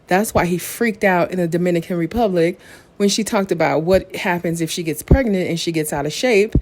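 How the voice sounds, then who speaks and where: Low, mellow-voiced woman podcast host. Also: brisk. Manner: opinionated, candid, retells scenes in detail. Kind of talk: casual podcast recap.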